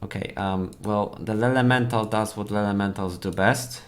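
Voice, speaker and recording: A man narrating as dungeon master for a tabletop game, halting and full of fillers. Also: on the low side, fairly even intonation.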